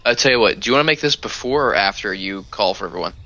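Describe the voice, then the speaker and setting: Male game master, crisp, forceful tone, steady descriptive narration; dull, muffled recording. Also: fairly low pitch, quick pace.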